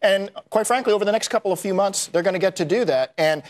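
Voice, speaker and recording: A man appearing as a guest on a TV panel, eagerly arguing his side. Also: sits high. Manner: eager, rapid advocacy. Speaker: radio host as guest. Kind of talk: TV panel debate.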